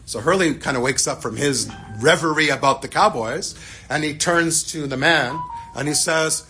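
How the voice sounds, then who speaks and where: A man, a rabbi, telling a story as part of a sermon, animated at times and dropping to hushed tones at others. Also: fairly high pitch, normal speed, faint music behind.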